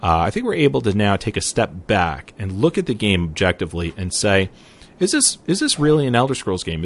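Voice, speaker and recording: A man hosting a gaming podcast, leading the group discussion in an animated way. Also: fairly low pitch. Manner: animated, leads the talk. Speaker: podcast host.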